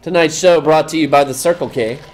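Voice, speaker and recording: A man's voice: fairly high pitch, brisk, darkish tone. A man co-hosting a live stream in casual chat, rambling and hedging with lots of fillers.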